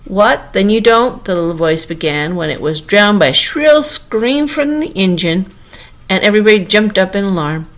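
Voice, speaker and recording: A woman narrating a classic storybook aloud as an audiobook, in an expressive, unhurried manner. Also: mid-range voice. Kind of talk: audiobook reading.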